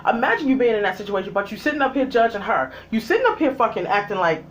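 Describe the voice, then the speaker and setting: The speaker rants in a heated, foul-mouthed way, scolding people who aren't there, with a mid-pitched voice. Loud bursts give way to low grumbles. A faint electrical hum sits under the voice throughout. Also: very animated, quick pace. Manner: heated and exasperated, heavy swearing, talks straight at the absent characters; swings between loud outbursts and low muttered asides. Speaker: vlogger reviewing a TV series. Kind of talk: profane angry rant.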